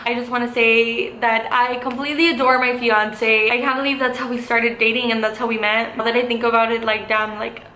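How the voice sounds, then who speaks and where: A young woman chats through a casual story-time vlog with a bright, slightly high voice. She talks loosely, leaning on "like" and "um" as she goes. The room is echoey, with a faint hiss under the voice. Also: level tone, brisk, hardly any pauses. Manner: chatty, full of "like" and "um" fillers. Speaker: vlogger.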